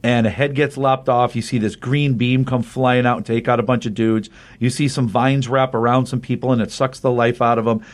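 A man's voice: mid-range voice, little pitch movement, moderate pace, hardly any pauses. A man casually recapping a comic book on a podcast, chatty and rambling, often restarting his sentences. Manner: chatty, rambling, with frequent restarts and quoted dialogue.

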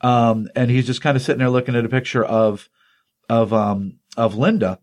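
A man's voice: mid-range voice, steady tone, normal speed, a little mellow. A man casually retelling a comic book issue on a podcast, rambling with many ums and restarts, acting out the dialogue.

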